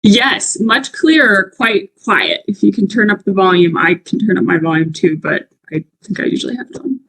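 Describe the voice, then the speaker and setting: Meeting participant on a video call; plain, practical voice, mid pitch. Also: normal speed, fairly bright tone, poor audio. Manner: plain, checking audio levels. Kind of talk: casual meeting talk.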